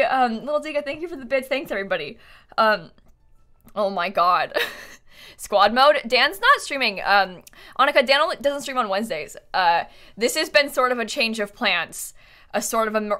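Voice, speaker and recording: Bright, giggly young woman streamer. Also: fairly high pitch. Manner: giggly, apologetic, rambling. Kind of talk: casual live-stream chat. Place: her room at home.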